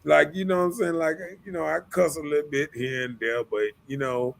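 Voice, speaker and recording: A man with a higher voice, brisk delivery, fairly even intonation and vocal fry hosts a laid-back livestream chat. He rambles, repeats words, fills gaps with fillers, and often says "you know what I'm saying."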